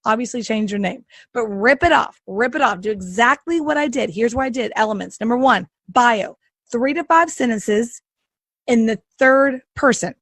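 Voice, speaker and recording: A woman's voice: a little high, lively intonation, moderate pace, dry recording. A middle-aged woman podcast host coaching listeners in a sassy, emphatic monologue, repeating phrases for punch.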